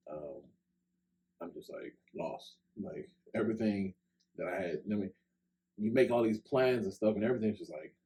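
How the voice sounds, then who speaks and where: Very deep-voiced man telling a story. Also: dark tone, poor audio. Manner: loose, conversational, many "like" and "right?" fillers. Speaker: podcast co-host. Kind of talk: casual storytelling chat. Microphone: podcast microphone.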